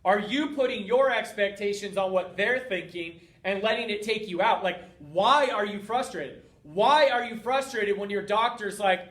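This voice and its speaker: A man hosting a motivational talk, speaking directly to his listeners in an energetic, coaching way. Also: sits high, normal speed, few pauses. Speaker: host. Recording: roomy, distant from mic.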